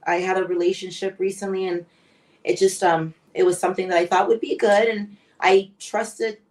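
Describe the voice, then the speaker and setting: A woman's voice: mid-range voice, little pitch movement, normal speed, darkish tone, recorded from a distance. A woman in her forties, a guest on a live interview show, speaking candidly and with emotion. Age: 40s. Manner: emotional, candid, tearful at times.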